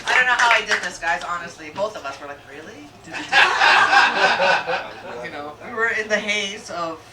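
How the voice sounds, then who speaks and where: A middle-aged woman doing a stand-up comedy set, brash and crude, rising to shouted rants. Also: mid-range voice, quick pace. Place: comedy club stage with audience. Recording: echoey room, distant mic, loud crowd noise.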